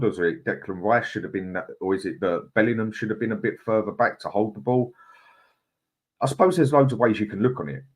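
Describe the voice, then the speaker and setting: A deep-voiced man talks casually on a live stream. He reads out viewer comments and answers them with his own firm opinions, now and then tripping over names. The talk is loose, conversational and unscripted. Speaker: host of a football fan live stream.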